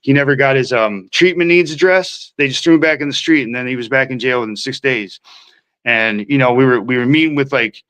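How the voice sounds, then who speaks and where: A Minnesota man, guesting on a podcast, tells his recovery story in a rambling, slangy way and acts out the voices of people he quotes. His medium-pitched voice is clean and a bit bright, moving a little fast, though the recording is rough.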